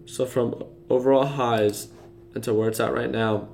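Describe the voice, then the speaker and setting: A young man hosts a casual stock trading livestream, offering loose market commentary to live viewers with plenty of fillers and restarts as he goes through charts. His mid-range voice is a little mellow with fairly even intonation at normal speed, and there's slight background noise.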